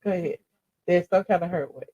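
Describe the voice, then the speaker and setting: A woman hosting a casual live call-in show, brassy and teasing, quick to cut in on callers. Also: lowish voice, dark tone, breathy edge, dry recording, lo-fi sound. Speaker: host.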